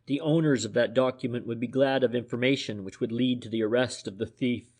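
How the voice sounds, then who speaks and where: A man's voice: mid-range voice, fairly even intonation, moderate pace, a little mellow, natural voice. Furtive male private eye, read by a man, deferential and insinuating, ordinary mid-range voice, for an audiobook. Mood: businesslike.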